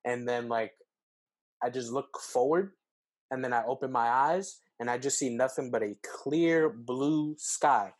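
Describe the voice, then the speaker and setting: A young man, co-hosting a podcast, telling a story casually with lots of fillers and jumping up in pitch when acting out quotes. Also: unhurried. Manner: animated, acts out quotes with pitch jumps, heavy fillers. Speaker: podcast co-host.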